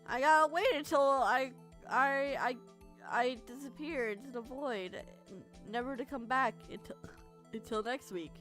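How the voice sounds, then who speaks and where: A woman streaming a game live, chatting in a silly, playful way with sudden loud outbursts. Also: high-pitched, a little slow. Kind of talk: live gameplay commentary. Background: soft lofi music.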